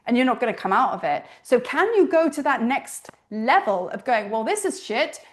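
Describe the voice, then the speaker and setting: A woman, a spiritual teacher and priestess, gives an informal, animated teaching talk, telling stories and swearing casually. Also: fairly high pitch, normal speed.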